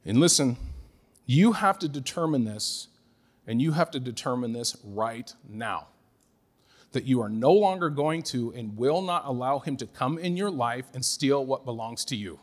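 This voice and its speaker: A middle-aged man preaching a sermon as a pastor, emphatic and repetitive, moving between loud exhortation and quiet, laughing asides. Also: medium pitch, expressive, normal speed, big-room sound.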